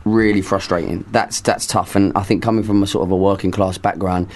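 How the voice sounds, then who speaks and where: Fast-talking low-voiced guest actor. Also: male voice, fairly even intonation, darkish tone. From East London. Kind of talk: casual interview chat.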